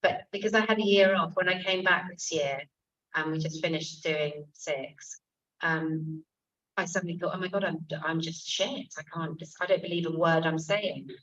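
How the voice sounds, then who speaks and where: A woman's voice: low voice, fairly even intonation, normal speed, a bit bright. Candid English woman, distant dull recording. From England. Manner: candid, self-mocking, frequent swearing. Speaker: actor and author guest. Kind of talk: casual stage conversation. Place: bookshop event room.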